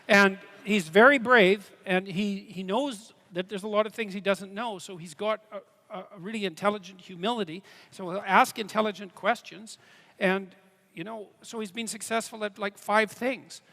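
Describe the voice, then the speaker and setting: A man answering questions on stage at a live event, earnest and halting, with many restarts. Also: sits high, fairly even intonation, gravelly, bright, forceful tone. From Canada. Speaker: guest speaker. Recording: reverberant hall.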